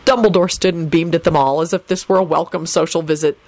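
A woman reading a story aloud as narrator, animated and switching into character voices. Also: on the low side, quick pace, few pauses, no room sound. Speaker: audiobook narrator.

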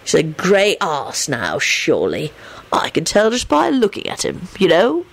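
A woman voicing a sly, gleeful young werewolf wizard man who grumbles in a lowered voice. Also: huge pitch swings, unhurried, gravelly, exaggerated voice.

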